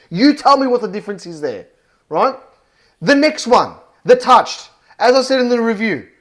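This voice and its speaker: An Australian man ranting through a heated football match review, worked up, swearing and hammering his points. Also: very high voice. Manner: worked up, swears often, punchy and emphatic. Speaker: football fan vlogger.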